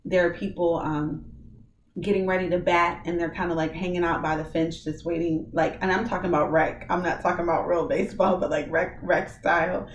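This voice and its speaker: A woman telling a dream and preaching in a casual, animated way, acting out her own lines of dialogue. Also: on the low side, fairly quick, echoey room, far from the mic. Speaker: ministry vlogger.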